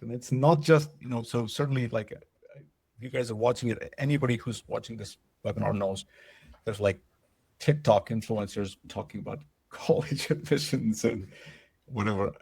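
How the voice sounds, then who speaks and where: A man's voice: mid-range voice, gravelly, a little mellow, slightly rough, no room sound. A man presenting a webinar, talking loosely with lots of fillers and asking if things make sense. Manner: loose and conversational, many fillers and checks for understanding. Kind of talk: casual webinar talk.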